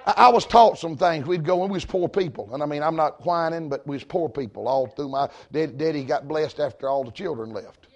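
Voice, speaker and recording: A high-voiced preacher from Georgia with a broad Southern US accent works through a homespun sermon. He talks in a folksy, emphatic way and keeps climbing into shouted points. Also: brisk, few pauses, highs cut off. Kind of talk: storytelling sermon.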